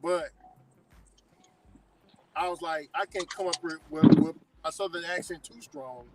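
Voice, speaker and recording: A man's voice: fairly high pitch, measured pace, background noise. A man who works as a delivery driver, chatting casually in slang and laughing often. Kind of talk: casual chat.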